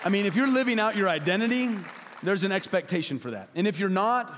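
A man preaching a passionate sermon as pastor, emphatic and repetitive, at times dropping to soft, low tones. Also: lively intonation, quick pace, in a large hall, crowd noise, background noise. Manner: acts out quoted voices, drops to soft low tones. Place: church hall.

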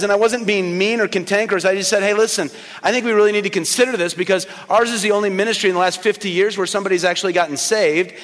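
A middle-aged pastor with a fairly high voice preaches from the pulpit, telling personal stories. He drops to quiet, slow lines and then builds to loud emphasis, his voice fading into the long reverb of the church hall.

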